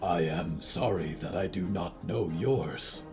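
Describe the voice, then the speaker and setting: A man voicing a gentle stitched being who speaks softly and formally, earnest and solemn. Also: sits low, slow pace, music in the background, pitched below the performer's own voice. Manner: soft, quiet, formal speech without contractions.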